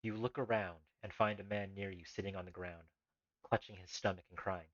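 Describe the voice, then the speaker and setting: A man's voice: low voice, fairly even intonation, a little fast, a bit bright, no echo, dull audio. A man streaming a text adventure live, reading the game's text aloud and making rambling, laughing asides.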